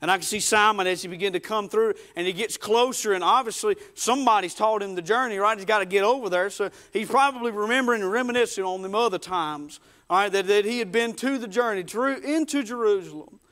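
A man preaching a dramatic storytelling sermon, folksy, swinging from hushed murmurs to loud bursts. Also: high voice, fast, hardly any pauses.

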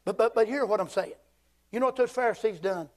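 Folksy Southern preacher man, high voice. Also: quick pace. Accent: Southern American. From Southern United States. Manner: folksy, animated, swings between shouting and hushed asides. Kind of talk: fiery church sermon. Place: church sanctuary.

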